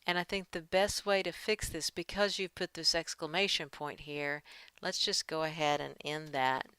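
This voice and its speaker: Low-voiced woman teaching writing edits. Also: steady tone, moderate pace, sharp tone, clear, resonant tone, no room sound. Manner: talks through edits while working, reads draft passages aloud. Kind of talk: screen-share editing lesson.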